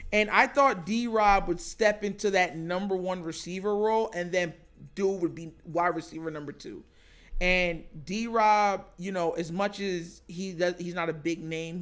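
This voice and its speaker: Excitable high-voiced man, sports talk. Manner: excitable, laughs often, animated. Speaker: sports show host. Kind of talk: casual sports commentary.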